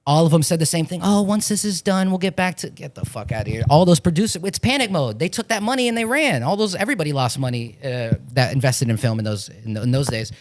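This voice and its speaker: A man in his forties from Florida, an actor talking as a podcast guest in a casual, animated way, swearing often as he tells stories. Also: fairly high pitch, quick pace, few pauses. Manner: profane, animated storytelling with frequent swearing. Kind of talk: casual chat.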